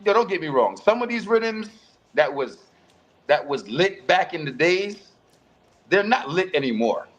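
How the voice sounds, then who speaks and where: A man co-hosting a casual talk show, laid-back and quick to laugh, gently pushing back on his co-host. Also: sits high, big pitch swings. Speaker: podcast co-host. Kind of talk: casual chat about sound clashes.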